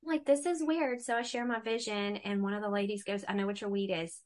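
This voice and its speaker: A woman's voice: mid-range voice, quick pace. Woman sharing a heartfelt faith story. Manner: animated storyteller, acts out quoted voices. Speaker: guest. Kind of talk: faith testimony in casual conversation.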